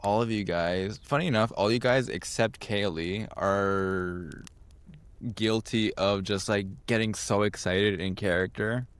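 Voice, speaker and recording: A man who edits the podcast answers interview questions, pausing and thinking aloud as he goes. His voice sits a little low, and he talks slowly. It is a casual, relaxed exchange. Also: clean tone, no room sound. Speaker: podcast editor, guest.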